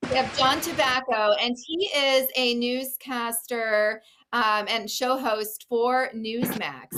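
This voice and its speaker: A woman's voice: on the high side, noisy background. A woman hosting a live talk show, chatty and casual, often laughing and reacting to viewer comments. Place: Oregon.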